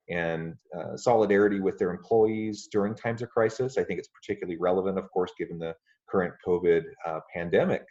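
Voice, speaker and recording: A man hosting a podcast interview, speaking in a polite, measured way with frequent ums. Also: low-pitched, a little mellow. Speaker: podcast host. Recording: muffled lo-fi audio.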